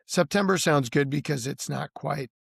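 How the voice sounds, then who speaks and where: A man's voice: on the high side, moderate pace, gravelly, breathy edge, no echo, studio quality. A man being interviewed as a blues musician, chatting casually and telling stories with restarts and "you know"s.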